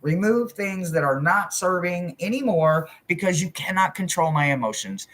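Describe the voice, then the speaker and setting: Animated, blunt woman chatting with viewers. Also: lowish voice, normal speed. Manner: animated and blunt, swings from loud to soft, swears freely. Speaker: host and spiritual reader. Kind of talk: casual livestream chat with viewers.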